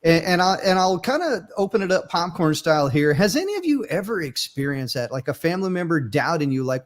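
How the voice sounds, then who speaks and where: A man hosting a live online panel chat, animated and acting out quoted family members. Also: a little high, a little fast, few pauses. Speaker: host of a live panel stream.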